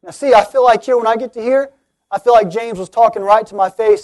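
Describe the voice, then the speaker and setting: A man's voice: high voice, quick pace, a little mellow. A man preaching an earnest sermon, speaking directly to his listeners and rising to emphatic appeals.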